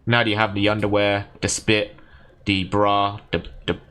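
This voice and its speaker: A man's voice: on the low side, monotone, measured pace, fairly bright tone, clean tone. A man streaming a game, chatting casually and retelling a story in a rambling, self-correcting way. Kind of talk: casual chat while gaming.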